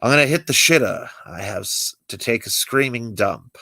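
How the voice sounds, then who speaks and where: Casting: man reading a wisecracking weary Jedi hermit, low gravelly voice, swinging pitch. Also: moderate pace, no room sound. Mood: wry. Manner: sardonic, lively delivery. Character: dry-witted exiled male Jedi master. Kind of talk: amateur script read-through.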